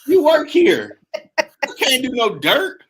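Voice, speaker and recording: High-voiced man telling stories. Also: slow, a little hiss or hum. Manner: animated, laughing storyteller, slangy. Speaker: host. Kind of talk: casual storytelling chat.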